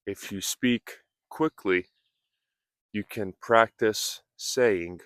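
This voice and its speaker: Very slow, clear-voiced male English teacher. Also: lowish voice, a bit bright, no echo, clean studio sound. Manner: speaks in short careful phrases, modelling pronunciation. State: slightly out of breath. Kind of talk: slow, deliberate teaching speech. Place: outdoors on a nature walk.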